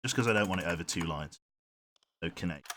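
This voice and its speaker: A man's voice: low-pitched, fast, pushed and bright, slight background noise. A man streaming a submarine game live, rambling on and humming to himself as he picks his crew and reads out chat. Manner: rambling, hums while thinking, reads chat aloud. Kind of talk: live gameplay commentary.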